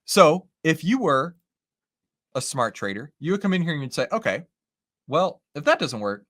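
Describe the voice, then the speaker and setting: Man, live trading stream host, chatty, animated pitch, keeps asking "right?". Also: normal speed. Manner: lively, animated, talks with chat and charts; says "right?" and "okay?" often. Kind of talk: casual live market commentary.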